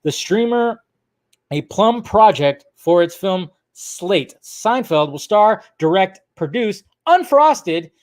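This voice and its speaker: A casual man with a fairly high voice hosts a loose movie-news livestream. He rambles, swears freely and breaks into laughter, reading from articles and drifting into tangents. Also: big pitch swings, slow. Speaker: movie news channel host.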